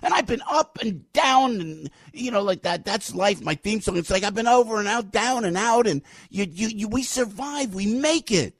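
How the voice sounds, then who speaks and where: A fired-up talk show host rants in a gravelly, slightly raised voice. He swings his pitch widely, stumbles over repeated words and breaks into sudden shouts. The sound is dry and close. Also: lively intonation, no echo. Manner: ranting, rapid-fire, repeating himself, bursts into shouts. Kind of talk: fired-up political commentary.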